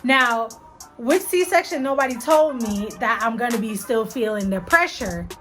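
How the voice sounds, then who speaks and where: A young adult woman vlogger telling a personal story to her viewers in an animated, chatty way. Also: fairly high pitch, a little slow, soft background music. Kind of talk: casual storytelling to camera.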